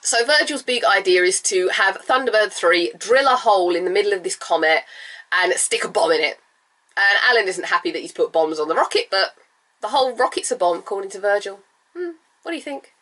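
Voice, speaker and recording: Woman with a nasal cold voice. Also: brisk. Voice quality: chatty, animated, jumps high in pitch when excited. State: has a cold, slightly nasal and raspy. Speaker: vlogger reviewing a TV episode. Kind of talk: casual chatty recap.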